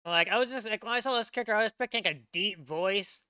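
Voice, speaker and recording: A man's voice: sits high, fast talker, sharp tone, clean tone, dry recording. A young man hosting a casual reaction stream, rambling with many fillers and laughs into a desk mic. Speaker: VTuber reaction host.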